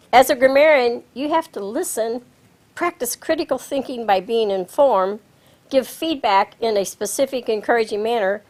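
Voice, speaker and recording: Brief: Midwestern American woman, meeting host at a lectern, fairly high voice, clear and instructive. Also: low-quality recording. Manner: measured, instructive, announcing guests with rising emphasis. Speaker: Toastmaster of the meeting. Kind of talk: presiding over a club meeting. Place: small TV studio with audience. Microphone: lectern microphone.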